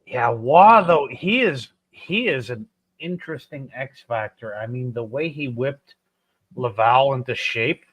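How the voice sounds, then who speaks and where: A man's voice: mid-range voice, expressive, a little slow, a bit bright, dry recording, poor audio. A man chatting casually with friends on a livestream, laughing easily. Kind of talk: casual chat.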